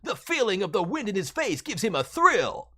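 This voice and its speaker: A woman putting on a gruff heroic racer's voice to read a character description. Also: medium pitch, very animated, normal speed, fairly bright tone, voice pushed up. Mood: announcing.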